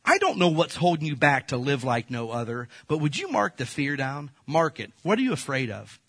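Male pastor, folksy sermon delivery, dry close recording, slightly husky tone. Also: on the high side, moderate pace, dry recording. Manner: animated storytelling, acts out quoted voices; folksy, addresses the congregation as folks.

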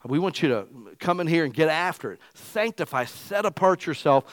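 A man's voice: on the high side, animated, brisk, hardly any pauses, dry recording. A male pastor giving an emphatic, conversational sermon to his church.

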